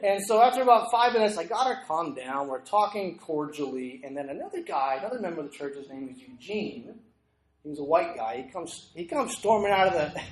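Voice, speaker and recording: A middle-aged man delivers a sermon as a lively story, acting out the people in it. His voice sits a little high, and it rings around an echoey church room. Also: normal speed. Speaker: preacher.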